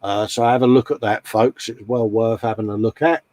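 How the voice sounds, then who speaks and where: A man's voice: lowish voice, steady tone, normal speed, darkish tone, no echo. A man hosting a casual live-stream chat, rambling and friendly, calling everyone mate. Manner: chatty, rambling, calls people mate. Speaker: host.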